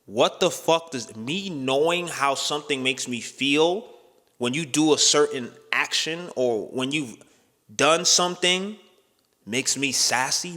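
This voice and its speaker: Blunt, profane young man with a bright voice. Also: medium pitch, big-room sound. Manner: blunt, profane, repeats "right?" and "you know what I'm saying". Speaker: vlogger. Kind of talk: casual opinion monologue to camera.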